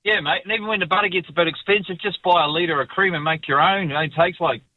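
A man's voice: high-pitched, quick pace, dry recording. A man with a New Zealand accent calling in to a radio show, blunt and forever saying mate. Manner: blunt, says mate constantly. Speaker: caller. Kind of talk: phone-in chat. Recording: tinny phone line.

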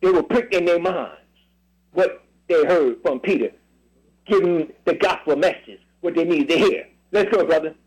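A man preaching on a radio broadcast, reading scripture aloud and pressing a helper with repeated questions, in drawn-out, emphatic phrases. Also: on the high side, a little mellow, slightly rough, poor audio. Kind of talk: call-and-response Bible reading sermon.

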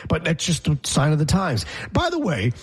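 A man's voice: fairly high pitch, huge pitch swings, moderate pace, husky. A man co-hosting a sports talk show, chatting casually and quizzing his co-host with opinions. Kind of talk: casual sports radio chat.

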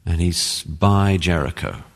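A man's voice: low voice, slow pace, in a large hall. A man with an English accent, a pastor preaching an earnest, emphatic sermon. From England. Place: church sanctuary.

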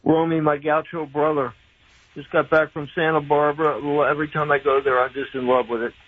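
A man's voice: a little high, little pitch movement, fairly quick. A man calling into a sports radio show with laid-back, rambling talk. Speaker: caller. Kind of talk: call-in sports chat. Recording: tinny phone line with faint noise.

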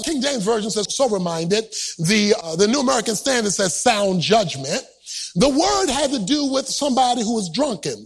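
Male pastor, very high voice, husky, sing-song shouting sermon. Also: sing-song, normal speed. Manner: rhythmic, half-sung preaching that rises to shouts.

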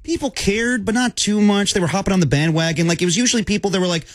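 Fast-talking opinionated male co-host. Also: high voice, dry recording. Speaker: podcast co-host. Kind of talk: casual sports chat.

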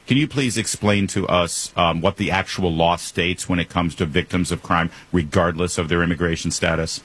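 A man's voice: low-pitched, fairly even intonation, normal speed, a bit bright, breathy edge. A man hosting a talk radio show, interviewing a guest with emphatic opinions and frequent restarts.

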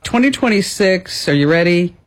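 A woman's voice: fairly low pitch, animated, normal speed. A woman hosting a radio show, chatting playfully and laughing often. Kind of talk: casual chat.

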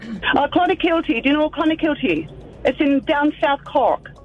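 A woman's voice: high voice, expressive, moderate pace, soft background music. A woman calling in on a phone line, voicing a chatty young Irish woman newly arrived from Cork with a broad Irish accent. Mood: breezy. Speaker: caller.

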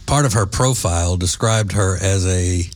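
A man hosting an opinion commentary show, sarcastic and scornful in his asides. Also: sits low. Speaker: political commentator.

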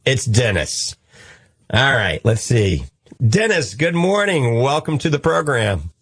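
A man's voice: mid-range voice, sing-song, slow pace, husky, no room sound. Upbeat New Orleans radio host man. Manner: upbeat, preachy, joking. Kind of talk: call-in radio talk.

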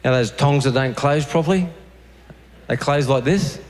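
An Australian man works through a stand-up routine, telling stories in a deadpan way and jumping into quick voices for the people in them. His voice sits a little high for a man. The live recording carries clear background noise. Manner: deadpan storytelling with acted-out voices. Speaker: stand-up comedian.

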